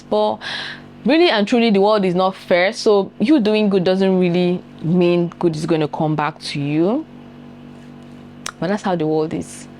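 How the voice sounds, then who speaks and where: A woman's voice: lowish voice, darkish tone, slight background noise. A young woman with a Nigerian accent talks straight to camera in a casual advice vlog, stressing her points by repeating them and checking in with her viewers. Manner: emphatic, repeats key phrases, checks in with the audience. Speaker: vlogger.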